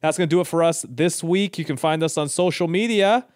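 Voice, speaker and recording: A man's voice: fairly high pitch, fairly quick, smooth, no echo. Dry-sounding man reading a jokey podcast plug. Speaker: podcast co-host. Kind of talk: comedy podcast outro and plug.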